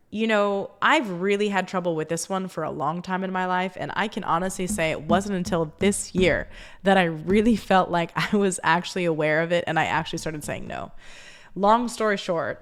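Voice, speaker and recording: A young woman from Los Angeles with a slightly low voice, hosting a self-help show. She talks in a candid, chatty way and sprinkles "like" and "you know" all through her advice. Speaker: podcast host. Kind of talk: casual self-help talk.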